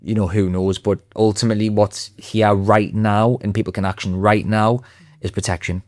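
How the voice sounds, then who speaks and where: A man with a low voice talks through a podcast interview in a confident, emphatic way. The sound is dry and close, with no room around it. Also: flat delivery, moderate pace, darkish tone, no echo. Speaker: podcast guest, sales trainer.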